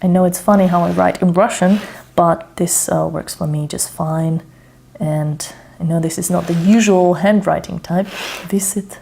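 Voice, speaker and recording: Woman thinking aloud over her notes, warm and a bit low, unsure and checking herself as she writes. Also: fairly even intonation, normal speed, gravelly, a little hiss or hum. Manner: self-checking, hesitant, muttering under her breath. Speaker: language learner demonstrating a method. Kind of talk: casual think-aloud tutorial. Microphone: camera over her shoulder.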